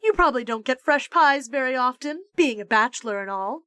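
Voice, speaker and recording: A chirpy, sing-song school cook from a children's storybook, sweetly insistent, put on by a woman. Her voice rides high and bright, unhurried, in a dry close sound. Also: animated, clean tone, no room sound.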